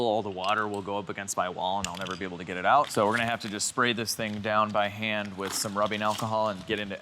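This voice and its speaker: A man's voice: on the low side, noisy background. A man talking casually while he works on a car in his garage, chatty and joking with himself, a little congested. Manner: chatty and self-joking, rambles on tangents. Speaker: car restoration vlogger. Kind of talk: casual talk-through while working on a car. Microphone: handheld camera while working.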